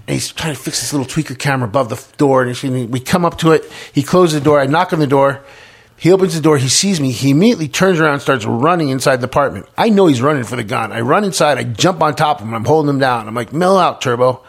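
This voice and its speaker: A middle-aged man telling his story in a casual interview, stumbling over repeated words and restarts. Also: mid-range voice. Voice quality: gravelly, husky, many repeated words and restarts.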